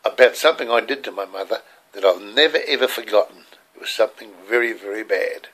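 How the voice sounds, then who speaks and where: With a medium-pitched, slightly bright voice, this older man from Australia spins earnest, wandering tales about growing up.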